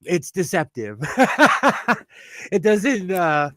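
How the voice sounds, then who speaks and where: A man's voice: high voice, very animated, very slow, pushed and bright, no room sound. Chatty Californian man with a youthful voice. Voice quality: youthful-sounding voice. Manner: chatty, laughs often, many fillers and restarts. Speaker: sewing livestream host. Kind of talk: casual livestream chat.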